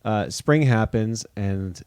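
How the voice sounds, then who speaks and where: A man with a lowish voice co-hosts a casual podcast, swinging his pitch widely as he jokes and riffs. His delivery is animated and playful. The studio sound is dry and close. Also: slow, clear, resonant tone, no room sound. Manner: jokey, animated, riffing. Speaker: podcast co-host. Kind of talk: casual chat.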